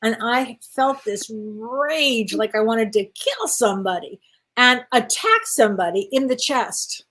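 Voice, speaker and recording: A woman's voice: on the high side, lively intonation, unhurried, a bit bright. A woman co-hosting a casual talk show, speaking in a reflective, earnest way. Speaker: co-host. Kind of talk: casual conversation.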